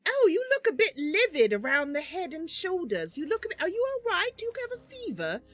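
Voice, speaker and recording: A woman's voice: very high-pitched, huge pitch swings, a little fast, fairly bright tone, dry recording, voice pushed up, heavily acted. A woman doing a fussy, fretting little male companion. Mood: worried. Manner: fretting and overly polite.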